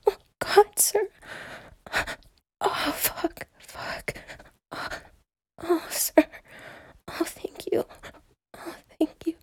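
A woman plays an eager, devoted young secretary in a whispered role-play, pleading in a breathy, intimate hush. Her voice sits high and moves slowly, recorded close and dry with no room around it. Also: fairly even intonation, dry recording, full character voice. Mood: breathless pleading.

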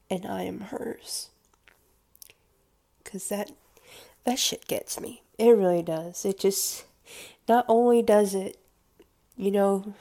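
A woman speaking in an intimate confessional monologue, hesitant and halting, often slipping into soft whispers. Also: mid-range voice.

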